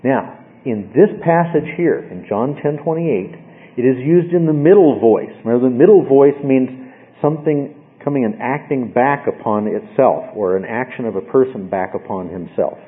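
A man's voice: medium pitch, lively intonation, moderate pace, narrow, tinny audio. A man teaching a Bible study to a class, explaining a passage and often checking in with "okay?".

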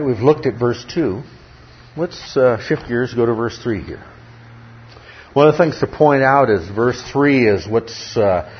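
A man's voice: lowish voice, slight background noise. A man teaching from the Bible. He stresses key words by repeating them and throws rhetorical questions at his listeners. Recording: dull lo-fi recording with faint ambience.

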